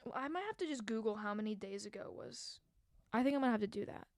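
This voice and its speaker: A young woman rambles through a casual solo podcast, full of fillers and self-mocking asides. Her voice sits a little high. The handheld mic gives a dry, close sound with no room echo. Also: animated, fast talker, darkish tone. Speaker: podcast host.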